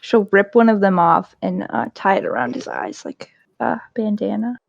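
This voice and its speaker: A woman's voice: mid-range voice, big pitch swings, normal speed, creaky, highs cut off. A woman tabletop player describing her character in third person, in a chatty way. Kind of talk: casual tabletop play.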